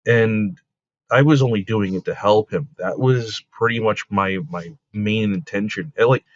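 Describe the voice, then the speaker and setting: Low-voiced man telling a rambling story. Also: a little slow, dry recording. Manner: rambling, with many fillers like "like" and "you know"; laughs while telling stories. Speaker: comic book creator and guest. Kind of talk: casual storytelling in an interview. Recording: dull lo-fi dry recording.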